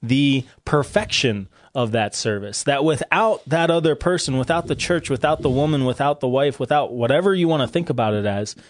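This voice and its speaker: Man, Bible-show co-host, earnest and emphatic, mid pitch, dry close recording. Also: animated, moderate pace, few pauses, dry recording. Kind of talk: live-streamed Bible discussion.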